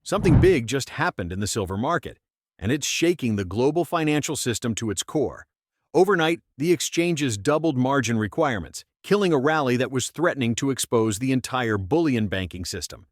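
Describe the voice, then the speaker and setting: A man's voice: mid-range voice, animated, a little fast, no room sound, studio quality. A man reading a scripted, dramatic and urgent channel introduction. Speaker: channel narrator. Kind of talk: scripted narration.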